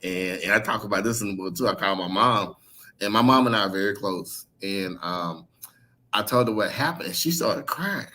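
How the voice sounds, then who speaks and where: A man's voice: fairly low pitch, moderate pace. A middle-aged man, an author being interviewed, telling personal stories frankly and acting out other people's words as he goes. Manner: frank and animated, acts out others' words, swears casually, laughs. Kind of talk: candid conversational storytelling.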